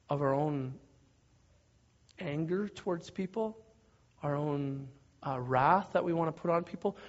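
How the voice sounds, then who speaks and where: A man preaching, telling a story in an animated way and shouting out parts of it. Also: a little high. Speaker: pastor. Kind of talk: sermon storytelling. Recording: dull lo-fi recording.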